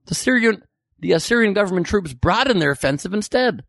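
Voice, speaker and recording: A podcast host riffs sarcastically and profanely on news headlines in comedic news commentary. His voice sits high and is animated, a little fast, gravelly and a bit bright. The recording is clean studio sound with no room sound.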